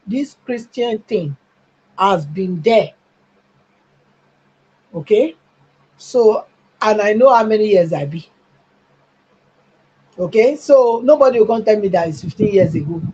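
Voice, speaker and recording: A woman's voice: mid-range voice, breathy edge, muffled recording. A middle-aged Nigerian woman speaking as a panelist on a live stream, emphatic and growing heated, with bursts of laughter. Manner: emphatic, rising to near-shouting, with laughs. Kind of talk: impassioned call-in commentary.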